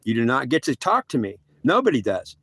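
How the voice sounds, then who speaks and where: A man's voice: mid-range voice, huge pitch swings, brisk, a bit bright, slightly rough, no room sound, heavily acted. A man voicing a stern male God who scolds a soldier at length, repeating himself and stumbling over restarts. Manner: repetitive, lecturing, stumbling restarts.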